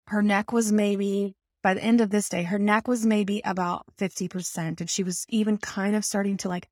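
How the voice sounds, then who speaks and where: A woman telling a personal story in an animated, self-mocking way, full of rambling asides. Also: mid-range voice, no room sound, studio quality.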